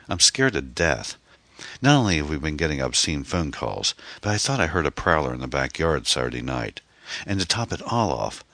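A man's voice: extremely low pitch, gravelly, bright, forceful tone, no echo, heavily acted. A man voicing a frightened, anxious middle-aged divorced mother in an audiobook, with a pleading manner. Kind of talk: audiobook character voice.

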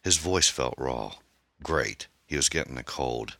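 A man reading his own novel aloud as an audiobook, in an unhurried, measured way. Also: rumbling low, expressive, creaky, pushed and bright, no echo, studio quality. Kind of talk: scripted audiobook narration.

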